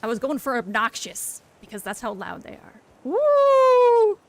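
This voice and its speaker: A woman's voice: a little high, brisk, pushed and bright, a little hiss or hum. A woman streamer chatting casually while she plays, teasing her friend and swearing freely. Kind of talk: casual live-stream chat while gaming.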